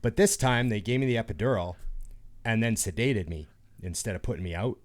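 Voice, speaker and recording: A man's voice: lowish voice, fairly quick. A man telling a long story in casual podcast chat, rambling, with many restarts.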